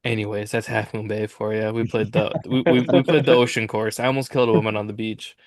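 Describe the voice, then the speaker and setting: A man from Minnesota hosting a podcast, telling stories in an animated, chatty way and acting out what friends said. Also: fairly low pitch, fast talker, dry recording. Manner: animated storyteller who acts out quoted friends. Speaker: podcast host. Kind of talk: casual chat.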